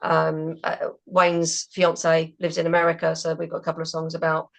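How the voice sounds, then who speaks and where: A woman's voice: sits low, monotone, moderate pace, gravelly. A woman in a band, chatting casually in an interview, with plenty of fillers. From England. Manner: chatty, laughs between thoughts, many fillers. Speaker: band member.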